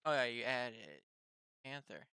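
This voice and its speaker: A man's voice: medium pitch, very animated, unhurried, bright, forceful tone, clean tone, no echo. A man hosting a tabletop game's session zero, chatting casually and often stumbling over and repeating his words. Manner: stammering, restarts words. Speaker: player and channel host. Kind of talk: casual chat.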